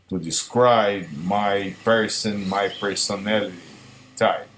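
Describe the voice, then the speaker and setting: A man hosting his own channel, talking alone to camera in a deliberate way, with each phrase built on the one before. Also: on the low side. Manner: slow, deliberate, repetitive phrasing. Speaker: YouTube channel host. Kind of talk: solo vlog monologue.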